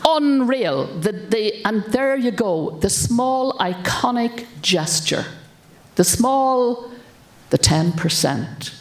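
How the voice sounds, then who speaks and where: A woman's voice: a little high, expressive, takes it slowly. An older Irish woman tells a story from a conference stage, repeating words to hammer her points home. Her voice carries through a roomy, echoing hall. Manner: emphatic, repeats words for stress. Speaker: keynote speaker. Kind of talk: storytelling keynote speech.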